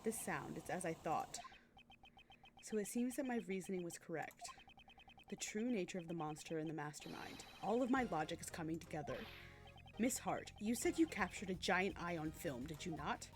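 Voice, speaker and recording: A woman voicing a cool, formal male prosecutor, reading a game aloud in a lowered, measured delivery. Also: expressive, over music, lightly acted. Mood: calm, deductive. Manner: measured, lowered, deliberate speech.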